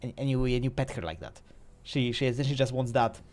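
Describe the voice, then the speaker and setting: A man's voice: mid-range voice, expressive, a little fast, a little mellow, slight background noise. A man streaming live, chatting casually with his viewers in a playful, rambling way. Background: faint music.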